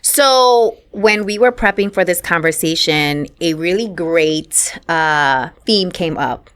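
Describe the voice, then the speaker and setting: A woman's voice: fairly low pitch, takes it slowly, a bit bright, clear, resonant tone. A woman hosting an interview podcast in a casual, playful way, with slang and Spanish words mixed in. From Puerto Rican heritage. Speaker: podcast host.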